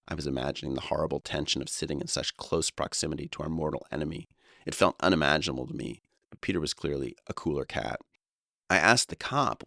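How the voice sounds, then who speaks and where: Very deep-voiced man reading his memoir. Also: expressive, fairly quick, gravelly, a bit bright, no room sound, clean studio sound. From Long Island, New York. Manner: wry, reflective. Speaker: author and narrator. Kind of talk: audiobook memoir narration.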